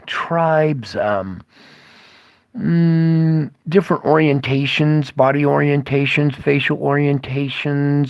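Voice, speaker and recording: Gravelly guy rambling over clips, keeps checking in with viewers, dry close sound. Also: medium pitch, dry recording. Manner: rambling, keeps asking "okay?". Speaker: conspiracy video host.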